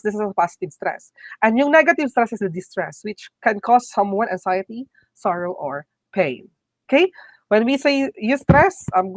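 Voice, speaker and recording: Woman, Filipino accent, teacher, brisk review lecture, mid pitch, dry close sound. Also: no echo, rough recording. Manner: brisk, repeats "okay?" and "my dear students"; mixes English with Tagalog phrases.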